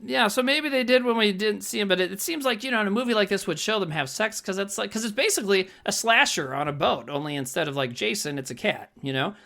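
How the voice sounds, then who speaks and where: Gravelly male podcast co-host, animated, bright tone, acts out movie scenes. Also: sits high. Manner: animated, laughs often, acts out scenes in quick voices. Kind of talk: casual movie-review chat.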